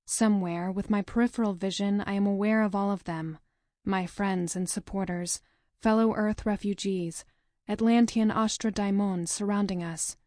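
A woman narrating a novel in the first person, with a measured, dramatic reading. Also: mid-range voice, fairly even intonation, darkish tone, no echo, studio quality. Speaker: audiobook narrator.

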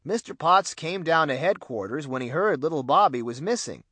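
A man reading aloud, voicing a calm, measured middle-aged police chief talking to his son. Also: a little high, husky, no echo, heavily acted.

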